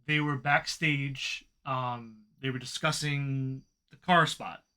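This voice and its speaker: A man co-hosting a casual wrestling podcast, talking in an animated way and swearing as he vents. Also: medium pitch, slow pace, clear, resonant tone. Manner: animated, swearing, venting frustration. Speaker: podcast co-host.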